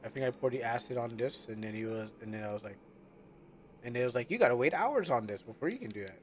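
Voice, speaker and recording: A man's voice: medium pitch, expressive, fast, a little hiss or hum. A man streaming a game live, chatting casually and rambling as he loses his train of thought. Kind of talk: casual live gameplay commentary.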